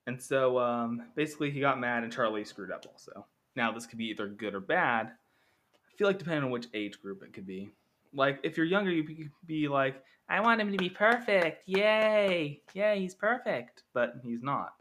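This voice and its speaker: A man's voice: mid-range voice, animated, brisk, a bit bright. A man hosting a casual podcast monologue comparing two films, rambling with many fillers and acting out characters' lines. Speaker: podcast host.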